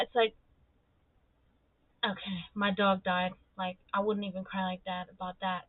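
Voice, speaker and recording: A woman streamer talking bluntly and profanely in a casual, animated monologue. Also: fairly high pitch, unhurried, no room sound. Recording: tinny phone-like audio.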